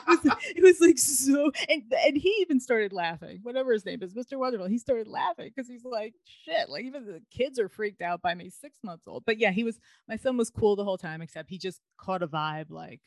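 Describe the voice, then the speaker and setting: A woman's voice: a little high, lively intonation, a little fast, hardly any pauses, a little mellow, no room sound. A woman from New York, a podcast guest, telling stories in a chatty, frank way and swearing casually. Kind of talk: casual interview chat.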